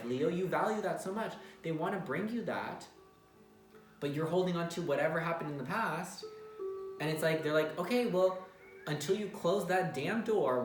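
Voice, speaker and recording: A man giving a casual tarot reading, talking bluntly and emphatically with some swearing. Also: a little high. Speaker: tarot reader. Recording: roomy echo with faint music.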